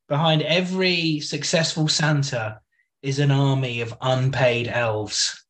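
A man's voice: on the high side, a little slow. A man co-hosting a casual TV podcast, with dry jokes between his opinions. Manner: dry, joking. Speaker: podcast co-host. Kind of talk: casual chat.

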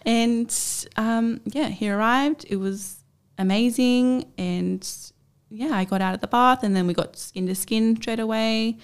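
Young Australian woman, 20s, podcast guest; chatty, animated storyteller who acts out quotes. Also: on the high side, a little slow, clean tone. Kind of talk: casual personal storytelling.

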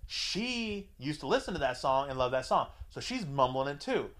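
A man hosting a podcast, telling a story in a casual, profane, animated way and acting out both sides of the dialogue. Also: a little high, moderate pace, a crowd in the background. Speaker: podcast host.

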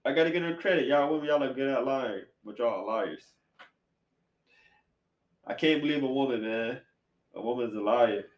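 Slangy animated man in an echoey room. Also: medium pitch, normal speed, pauses often, dull audio. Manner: animated, slangy, jumps between loud and quiet. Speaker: podcast host. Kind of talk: casual podcast chat. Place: apartment room.

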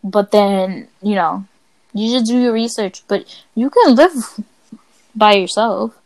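A woman co-hosting a podcast, telling stories in a blunt, profane, animated way. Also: medium pitch, slow pace, no room sound, low-quality recording. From Latina. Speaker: podcast co-host. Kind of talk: casual chat.

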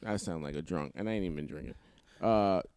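A man co-hosting a casual podcast, probing with questions in a relaxed, slangy way. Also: low voice, brisk, smooth, no room sound. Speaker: podcast co-host.

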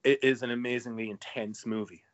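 A man's voice: medium pitch, flat delivery, muffled recording. A man casually chatting about movies as a co-host, cracking jokes and swearing now and then. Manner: quick, joking, swears. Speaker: podcast co-host.

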